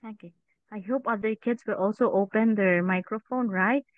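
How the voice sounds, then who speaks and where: A woman's voice: mid-range voice, normal speed, no echo. Woman teacher over thin phone-like audio. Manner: patient, asks questions, says "okay" often. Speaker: English teacher. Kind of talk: online class teaching children. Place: online class over a video call. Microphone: video call microphone.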